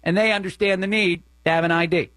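A man with a New Jersey accent hosting talk radio, his voice sitting a little high. He delivers opinionated commentary in a loose, chatty way, and the studio sound is close and dry. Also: fairly even intonation, quick pace, a bit bright, dry recording. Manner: opinionated, conversational, many fillers. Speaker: fill-in radio host.

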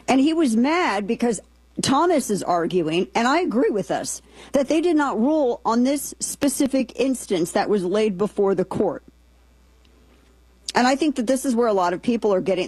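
A woman's voice: mid-range voice, expressive, a little fast, darkish tone, slightly rough, no echo, low-quality recording. A woman hosting a political talk show, giving emphatic, indignant commentary and reading quotes aloud.

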